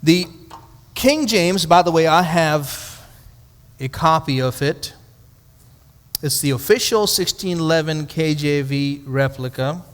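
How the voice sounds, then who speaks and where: A man's voice: a little high, takes it slowly, long reverb tail. A male pastor teaching a Bible study to a live audience in a conversational way, asking rhetorical questions and adding dry humorous asides.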